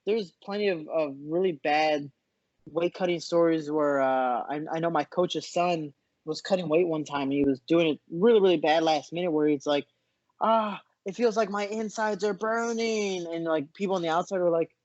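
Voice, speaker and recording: A man, a fighter guest in a casual interview, telling animated stories with lots of restarts, over muffled video call audio. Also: on the high side, moderate pace, dry recording. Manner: animated storyteller, frequent restarts.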